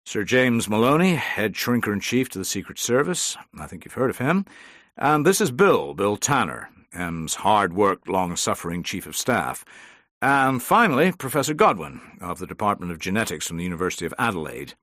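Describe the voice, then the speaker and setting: A man's voice: on the low side, very animated, normal speed, a bit bright, dry recording, clean studio sound. A man doing a genial wealthy host.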